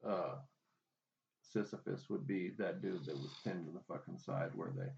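Man, gravelly rambling podcast co-host, muffled lo-fi audio with faint hiss. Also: deep voice, normal speed, darkish tone. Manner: rambling, swears often. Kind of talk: casual profane chat.

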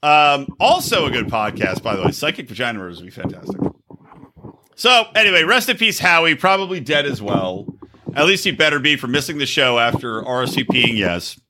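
A man's voice: medium pitch, sing-song, fairly quick, background noise. A man hosting a podcast, telling profane stories and teasing his co-host, laughing often. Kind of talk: crude casual banter.

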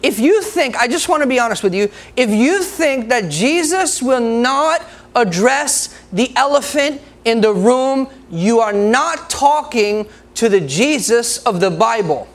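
A man's voice: very high-pitched, animated, a little slow, few pauses. A man preaching a sermon, joking with the people in the room and laughing often between points. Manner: laughs often, jokes with the congregation.

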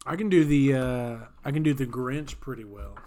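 A man's voice: mid-range voice, animated, normal speed, warm tone. A man co-hosting a casual podcast, joking and rambling. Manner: jokey, rambling, playful put-on voices. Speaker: podcast co-host. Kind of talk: casual chat.

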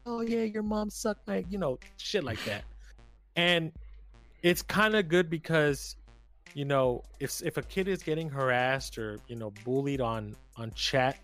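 A man's voice: mid-range voice, fairly bright tone. A man co-hosting a casual podcast, telling a story animatedly with slang and plenty of swearing. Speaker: podcast co-host. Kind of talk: casual chat.

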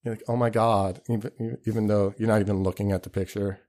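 A man's voice: fairly low pitch, little pitch movement, fast talker, dark tone. A man hosting a podcast, rambling in a casual, profane, self-deprecating monologue and acting out the people he quotes. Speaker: podcast host.

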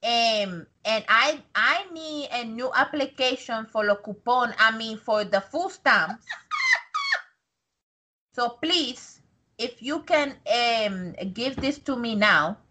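A woman putting on a halting immigrant mom. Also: fairly high pitch, lively intonation, bright, forceful tone, heavily acted. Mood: pleading. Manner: halting, broken grammar, formal, overly polite. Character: immigrant mother in broken English, pleading, eager.

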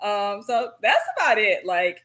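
A woman's voice: medium pitch, lively intonation, a little slow, a bit bright. A woman in her thirties, a pelvic floor physical therapist, chatting casually in an interview and laughing at herself often.

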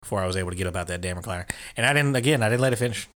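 A man in casual chat, laid-back and halting, with a bit of slang. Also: fairly low pitch, a bit bright.

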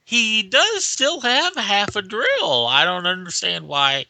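A man's voice: sits high, wildly swooping pitch, slow, gravelly, bright, forceful tone, no echo. A man guest on a casual movie-review podcast, laid-back with wry jokes.

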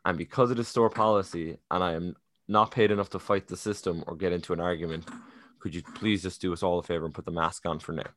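A man's voice: deep voice, steady tone, quick pace, a bit bright, slight background noise. A young man co-hosting a podcast, telling a story in casual, profane, self-mocking chat. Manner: swearing, self-deprecating storyteller. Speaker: podcast co-host.

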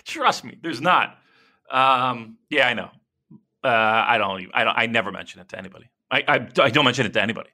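A man with a medium-pitched voice co-hosts a casual podcast, talking quickly about wrestling. He rambles, gets animated, and swears freely.

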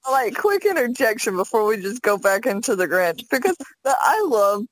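A woman co-hosting a podcast, chatting casually and animatedly, often slipping into high quoted voices. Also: very animated, normal speed, no room sound, low-quality recording. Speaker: podcast co-host. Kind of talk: casual chat.

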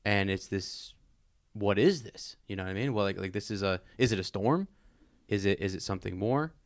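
A man co-hosting a podcast, chatting about a book and reading passages aloud slowly and dramatically, laughing easily. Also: lowish voice, dry recording, clean studio sound. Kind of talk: casual book discussion with read-aloud passages.

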